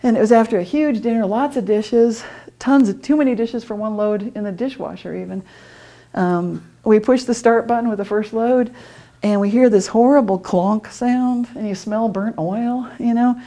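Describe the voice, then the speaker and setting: A woman of middle age, speaking to a conference audience in an animated, storytelling way. She laughs often and acts out her own inner voice. Her voice sits a little high but sounds soft and mellow. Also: moderate pace. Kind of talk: storytelling presentation. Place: conference room.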